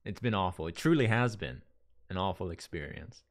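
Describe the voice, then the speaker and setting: A man's voice: sits low, animated, a little fast. A man from Las Vegas hosting a live stream, chatting casually with viewers, rambling, restarting sentences and reading their messages aloud. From Las Vegas, USA. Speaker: livestream host. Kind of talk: casual chat with a live audience.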